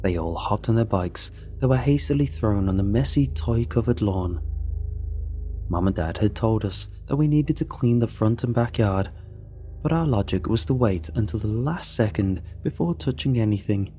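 A man reading a first-person story in a steady, dry narrating manner. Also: lowish voice, moderate pace, faint music behind.

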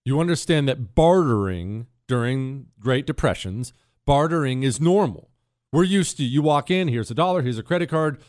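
A middle-aged man hosting a talk radio show, delivering an opinionated monologue in an animated, indignant way that swings between loud outbursts and quiet asides. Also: mid-range voice, moderate pace, no echo, studio quality.

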